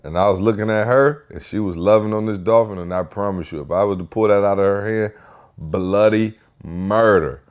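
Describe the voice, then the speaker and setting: Young guy hosting a podcast, lowish voice, loose chatty storytelling, does little voices for people. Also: fast, few pauses, smooth. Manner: animated storyteller, acts out voices. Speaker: podcast host. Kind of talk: casual chat.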